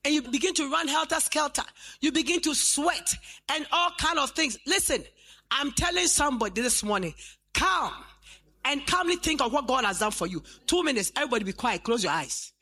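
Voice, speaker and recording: A woman in her late fifties preaching a fervent sermon in church, quoting scripture and rising to shouts. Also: sits high, expressive, normal speed. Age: 50s.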